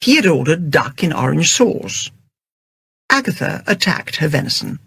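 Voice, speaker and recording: Husky, creaky audiobook narrator. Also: mid-range voice, moderate pace, no room sound. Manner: steady, storytelling.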